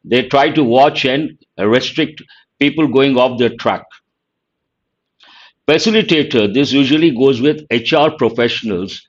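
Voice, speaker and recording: A man with an Indian English accent teaching vocabulary, explaining word meanings in a deliberate way and repeating key words. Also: medium pitch, dull audio. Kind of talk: vocabulary lesson.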